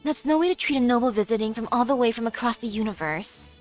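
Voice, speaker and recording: A woman's voice: on the high side, fast, a little mellow, soft background music, close to an everyday voice. A woman voicing a haughty young woman who calls herself an alien ruler, in a pompous, grandiose manner. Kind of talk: reading game dialogue aloud.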